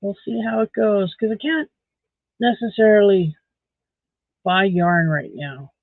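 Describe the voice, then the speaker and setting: A woman's voice: medium pitch, animated, measured pace, dry recording. A middle-aged woman, chatting casually on a live stream while crocheting, rambling along with dry sarcastic asides. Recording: dry, tinny phone-like sound.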